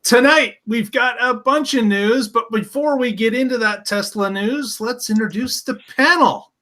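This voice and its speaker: A man's voice: very high-pitched, a little slow, sharp tone. A man hosting a casual panel show over a video call, upbeat and joking as he introduces the panel. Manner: upbeat, jokey, emcee-like. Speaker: show host.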